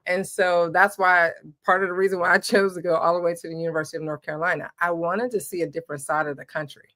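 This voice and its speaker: A middle-aged woman from Ohio, a former basketball player telling stories as a guest in a casual interview, animated and laughing often. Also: fairly low pitch, fast. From Ohio, USA.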